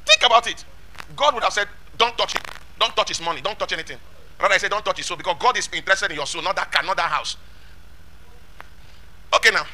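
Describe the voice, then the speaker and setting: A man preaching a sermon, emphatic, asking rhetorical questions and shouting lines of scripture. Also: sits high, quick pace, pauses often.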